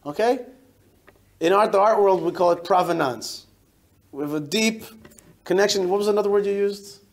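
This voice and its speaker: A man in his forties, a rabbi giving a lively storytelling talk to a synagogue congregation, often restarting and repeating words. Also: sits high, normal speed. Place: synagogue hall.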